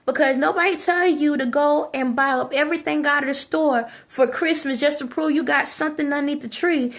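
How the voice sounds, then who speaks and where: A high-pitched woman rants straight at her viewers. Her talk is preachy and scolding, hammering points home by repeating them. It is casual, unscripted vlog talk. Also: steady tone, fairly quick. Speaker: vlogger. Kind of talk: ranting monologue to camera.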